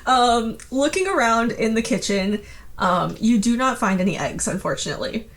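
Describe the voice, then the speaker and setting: A woman's voice: fairly high pitch, expressive, normal speed, a little hiss or hum. A woman narrating as game master of a tabletop game, easygoing, with frequent hesitant fillers and laughter.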